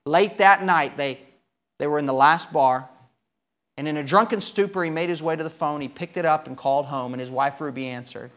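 A man preaching a sermon, telling a story with emphatic swings between loud and quiet. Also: on the high side, brisk.

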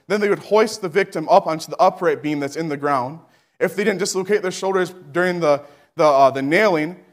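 Man, preacher, sermon, fervent, rising to shouts, slightly high pitch.

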